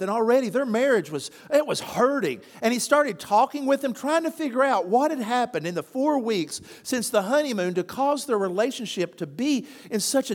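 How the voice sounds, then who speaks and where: Een animerende predikant in een galmende kerk. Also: male voice, very high-pitched, in a large hall. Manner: animated storytelling, acts out quoted voices. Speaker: pastor. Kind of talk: sermon.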